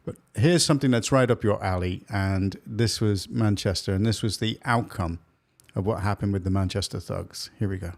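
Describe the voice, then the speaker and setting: A man's voice: fairly low pitch, moderate pace, vocal fry, slight background noise. A man co-hosting a casual political chat, asking questions and steering the talk. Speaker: podcast co-host.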